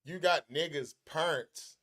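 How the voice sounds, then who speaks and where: Male podcast co-host, animated slang-heavy storyteller, somewhat high pitch. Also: a little slow. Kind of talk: casual chat.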